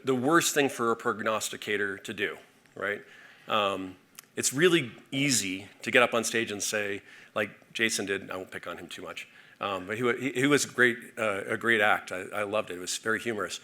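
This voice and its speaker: A man giving a conference keynote from a stage, energetic and full of fillers and restarts. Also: lowish voice, brisk. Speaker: keynote speaker.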